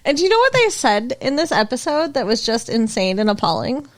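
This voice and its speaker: A woman's voice: fairly high pitch, sing-song, brisk. A woman co-hosting a casual chat podcast, blunt and teasing, who laughs often. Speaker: podcast co-host.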